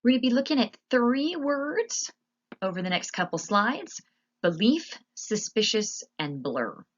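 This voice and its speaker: A woman teacher narrating a slide lesson, explaining patiently and spelling words out slowly. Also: fairly high pitch, very animated, lo-fi sound.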